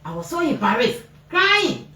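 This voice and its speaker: A little fast, a Liberian English-speaking mother recounts to the press what happened to her son, her emotion showing. She performs people's shouted quotes with pitch bouncing up and down. Faint background noise and a roomy, distant mic shape the sound.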